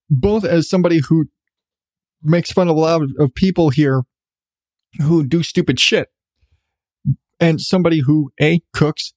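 A man's voice: on the high side, darkish tone, no echo, studio quality. A man hosting his own podcast, ranting in a sarcastic, profane way about news stories. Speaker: podcast host. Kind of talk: solo podcast commentary.

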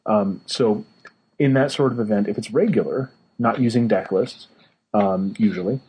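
A man's voice: fairly low pitch, moderate pace, warm tone, slight background noise, low-quality recording. A man co-hosting a casual podcast, explaining game rules with many fillers and restarts. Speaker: podcast co-host, card game judge. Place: Northern California.

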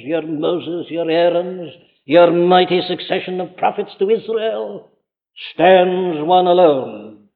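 Older Welsh male preacher, earnest and pressing, higher-pitched, captured on a tinny old recording in a church. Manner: earnest and urgent, with rhetorical questions. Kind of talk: sermon. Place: church pulpit. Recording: phone-like archive recording in a reverberant hall.

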